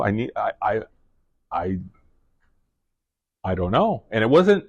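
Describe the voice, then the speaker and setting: A middle-aged man speaking to a class, telling a personal story in a halting way full of restarts and fillers. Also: fairly low pitch, animated, no echo, highs cut off. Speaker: guest speaker.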